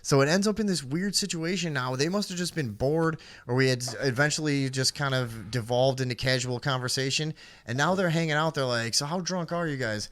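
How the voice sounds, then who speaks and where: A relaxed man in a mid-range voice tells a loose, rambling story on a live stream. He swears casually and drifts through fillers and restarts. His tone is easy and chatty. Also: mid-range voice, fairly quick, dry recording. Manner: rambling, laid-back, swearing. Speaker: podcast co-host.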